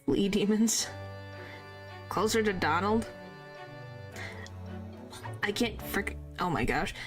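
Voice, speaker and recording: Speaking slowly at a medium pitch over music, a woman plays a video game on stream. She's playful and casual, experimenting with character voices and making mild exclamations.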